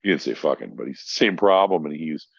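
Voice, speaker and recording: A deep, gravelly man tells a long story as a podcast guest, swearing freely and getting emphatic as he goes. The recording sounds dull and lo-fi, dry, with no room around the voice. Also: a little fast, dry recording. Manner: profane, emphatic, animated storyteller. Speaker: podcast guest, mental health worker. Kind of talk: casual storytelling.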